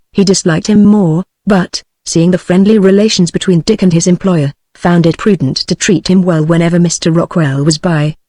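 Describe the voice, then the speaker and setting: A synthetic narrator reads a classic novel aloud at a steady, unvaried pace. It speaks every part in the same middle pitch. The sound is close and completely dry. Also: no echo. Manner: even, unvaried text-to-speech reading of all parts. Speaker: audiobook narrator. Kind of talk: scripted narration.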